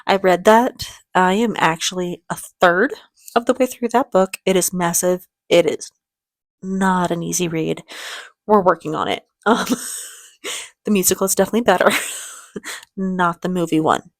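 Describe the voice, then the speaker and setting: A slightly gravelly woman chatting. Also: fairly low pitch, fairly even intonation, unhurried, long pauses, no room sound. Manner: chatty and rambling, laughs easily. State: emotional, close to tears. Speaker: reaction video host. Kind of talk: casual reaction chat.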